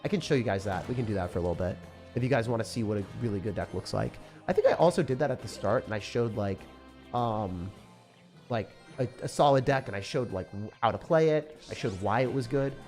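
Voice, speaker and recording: A young man streaming a game live, reacting loudly and then mumbling low as he talks through decks. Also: fast talker. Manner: excitable, swings from shouting to low mumbling. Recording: faint music behind.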